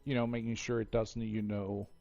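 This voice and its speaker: A man's voice: on the low side, level tone, normal speed, gravelly, a little mellow, highs cut off, soft background music. A man running a tabletop game as game master, explaining and narrating with lots of fillers and rambling restarts.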